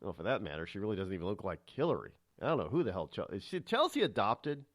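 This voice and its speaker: A man's voice: fairly low pitch, very animated, fast, no echo, clean studio sound. A man hosting a call-in radio talk show, rambling and self-promoting as he digresses.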